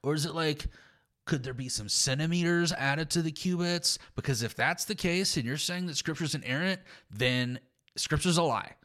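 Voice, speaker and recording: A man's voice: a little high, moderate pace, a bit bright, pitched above the performer's own voice, lightly acted. A man voicing a nitpicking male skeptic who quibbles over exact measurements, in an odd put-on accent. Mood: pedantic. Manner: pedantic, quibbling.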